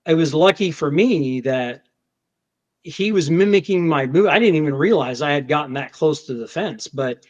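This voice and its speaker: Guy recounting a standoff from his agent days, restarts a lot, slightly high voice, muffled recording. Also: moderate pace. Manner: animated, restarts often, acts out shouted quotes. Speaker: federal agent telling a story. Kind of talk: conversational storytelling. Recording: dull lo-fi podcast audio.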